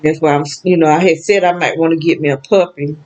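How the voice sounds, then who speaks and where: Lo-fi sound carries the low, slightly mellow voice of an older Southern woman speaking quickly with fairly even intonation. She vlogs alone to the camera in a sad, rambling, emotional monologue, laughing and exclaiming often.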